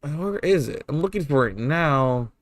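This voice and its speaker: A man's voice: on the high side, lively intonation, unhurried. A young man giving casual, rambling commentary while he streams a game, swearing freely and laughing often.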